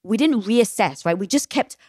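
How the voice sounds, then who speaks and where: A middle-aged woman talking candidly as a podcast guest, emphatic and animated, often acting out quoted voices. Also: mid-range voice, moderate pace, slightly rough, dry recording, studio quality. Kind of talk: candid interview talk.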